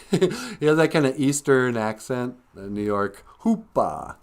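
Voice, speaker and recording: A man's voice: mid-range voice, sing-song, a little slow. Jokey man telling rambling stories. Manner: rambling, jokey, acts out voices. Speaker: livestream host. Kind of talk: casual comic storytelling.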